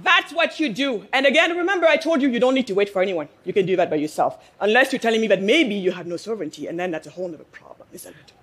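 A woman business owner giving a passionate speech to a live audience in a room. She fires rhetorical questions, prompts listeners to answer, and stresses her points with pauses. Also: mid-range voice, expressive, fairly bright tone, breathy edge. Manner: emphatic, with pauses for effect.

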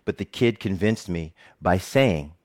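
A man's voice: low-pitched, animated, measured pace, darkish tone. A middle-aged man giving a personal storytelling speech, humorous and self-mocking. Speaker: TV reporter giving a talk.

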